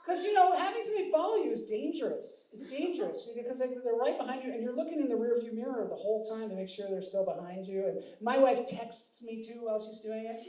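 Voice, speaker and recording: A man's voice: extremely high pitch, fast talker, hardly any pauses, warm tone. A middle-aged man from Seattle doing a stand-up comedy set, wry and self-deprecating, acting out bits of dialogue. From Seattle, USA. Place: live comedy stage with audience. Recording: echoey room, distant mic, audience noise.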